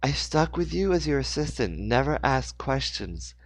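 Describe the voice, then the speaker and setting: A man's voice: mid-range voice, big pitch swings, normal speed, dry recording, pitched above the performer's own voice. A man voicing a furious woman assistant in her forties, scolding sharply in a read-aloud story.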